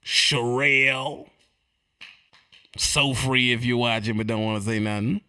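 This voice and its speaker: A man delivering a streetwise comedic rant, animated and repetitive, swinging between loud and quiet. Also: mid-range voice, measured pace, pauses often, clear, resonant tone. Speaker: comedic ranting monologue.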